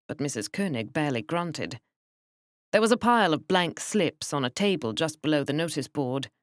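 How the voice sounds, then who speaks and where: Low-voiced woman narrating an audiobook. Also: dry recording, clean studio sound. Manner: measured, wry. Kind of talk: scripted narration.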